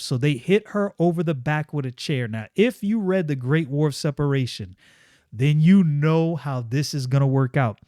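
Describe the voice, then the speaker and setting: A man's voice: on the high side, normal speed, dark tone, dry recording, studio quality. A man reviewing a comic book in casual, enthusiastic commentary, often repeating phrases for emphasis.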